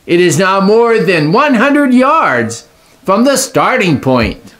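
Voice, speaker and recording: A man narrating a news-style segment in a measured, explanatory way. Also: high-pitched, big pitch swings, a bit bright.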